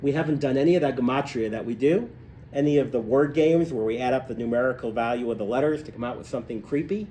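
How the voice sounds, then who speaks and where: A man teaching a live class, telling a story and acting out its characters in an animated way. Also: fast, slight background noise. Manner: animated, acts out voices in stories, rises in pitch when excited. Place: hotel room, recorded live.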